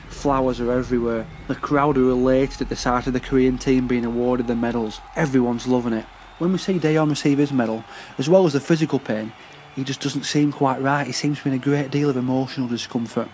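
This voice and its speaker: A man narrating a story like excitable live sports commentary, swearing freely. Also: medium pitch, brisk, soft background music.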